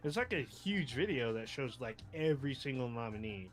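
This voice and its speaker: A man joining a livestream chat, speaking casually in a low-key way and trailing off at the ends of his sentences. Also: lively intonation, moderate pace, faint music behind.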